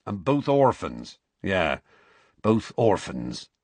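A man's voice: low-pitched, sing-song, slow pace, darkish tone, no echo, full character voice. A man voicing a huge, battered giant who talks in a gloomy, folksy way. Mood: mournful.

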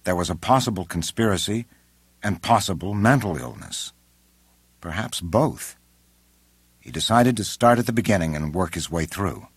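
Deep husky male audiobook narrator. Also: expressive, dry recording. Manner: measured, unhurried. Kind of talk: scripted narration.

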